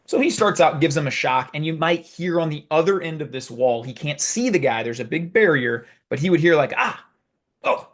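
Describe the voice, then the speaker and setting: A man hosting a video, telling a story in a casual, animated, conversational way. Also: a little high, fairly quick, few pauses. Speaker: video host. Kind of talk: casual talk to camera.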